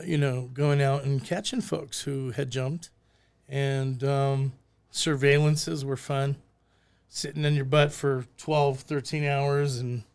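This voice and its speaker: Gravelly older man telling lively stories. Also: medium pitch. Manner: animated, acts out voices in his stories. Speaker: podcast guest, former bail bondsman. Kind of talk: casual storytelling chat.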